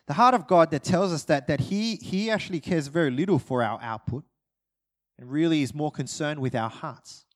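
A man delivers a sermon in a relaxed, conversational way. His voice sits a little high, and he slips light jokes in among his repeated phrases. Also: moderate pace. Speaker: pastor.

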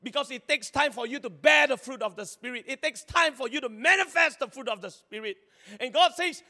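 Guy preaching a sermon, really high voice, animated, long hall echo. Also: a little fast. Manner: animated, chatty, laughs often, acts out little scenes. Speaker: pastor.

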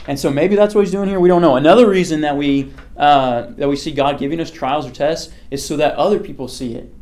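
A man's voice: fairly high pitch, a little fast, few pauses, a little mellow. A young man teaching a casual youth sermon, talking conversationally, quizzing his listeners and leaning on fillers like "okay" and "like". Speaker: youth pastor.

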